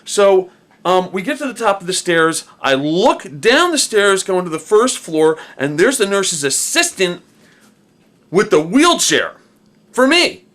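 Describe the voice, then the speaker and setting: A middle-aged man casually telling a story about his own past, animated and slangy, tossing in "dude" and "man". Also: sits high, unhurried.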